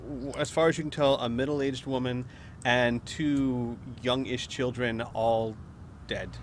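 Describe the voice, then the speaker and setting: A man narrating as game master of a tabletop game, slow and hesitant with many fillers. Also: mid-range voice, steady tone, a little hiss or hum.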